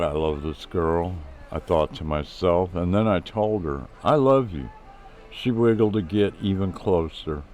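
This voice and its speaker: A man reading his own first-person story aloud in a plain storytelling manner with small restarts. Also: deep voice.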